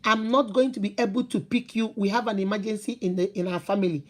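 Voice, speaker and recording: A woman's voice: mid-range voice, steady tone, quick pace. A middle-aged woman hosting a talk on relationships, telling stories with emphatic repetition and rhetorical questions. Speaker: host giving relationship advice. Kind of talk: casual advice talk to viewers.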